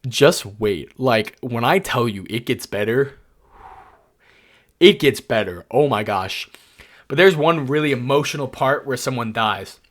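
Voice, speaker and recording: A young adult man giving casual tier-list commentary, telling rambling, excitable stories padded with lots of "like". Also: mid-range voice, measured pace. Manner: excitable, rambling storyteller full of "like". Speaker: anime YouTuber.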